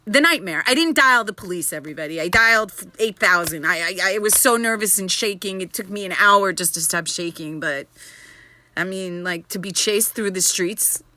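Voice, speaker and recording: A young woman vlogging casually from her apartment, excitable and rambling, often restarting her sentences. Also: medium pitch, normal speed. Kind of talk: casual daily vlog. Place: her apartment in Tel Aviv.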